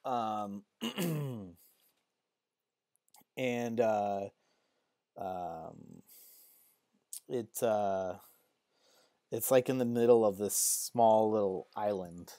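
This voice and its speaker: A woman narrating a tabletop game as game master, halting with many fillers. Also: rumbling low, expressive, warm tone, dry recording, clean studio sound.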